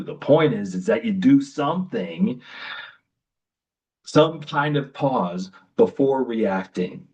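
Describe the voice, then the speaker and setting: Slow, emphatic man giving a webinar. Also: medium pitch, a little mellow, far from the mic, lo-fi sound. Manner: slow, emphatic, with deliberate pauses. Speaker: relationship coach. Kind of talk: webinar talk.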